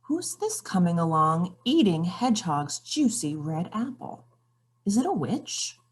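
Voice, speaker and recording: Woman, children's book read-aloud, slow, lively pitch, husky. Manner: expressive, questioning the characters.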